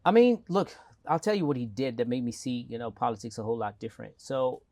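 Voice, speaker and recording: A man with a South African accent, talking as a guest in an interview and telling stories with animated energy. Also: medium pitch, quick pace. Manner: animated storytelling with lively acted quotes. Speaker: mayoral candidate guest. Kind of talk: casual interview talk.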